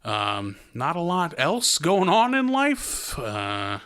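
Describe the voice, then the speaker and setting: A man in his thirties co-hosting a casual podcast chat, excitable, swearing and laughing a lot. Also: a little high, takes it slowly. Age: 30s. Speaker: podcast co-host.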